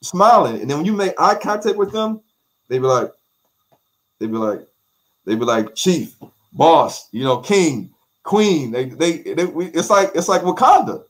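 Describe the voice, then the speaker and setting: A man with an African American English accent, a guest in an interview, telling stories in an animated way, repeating phrases and acting out quotes. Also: fairly high pitch, moderate pace. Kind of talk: animated conversational storytelling.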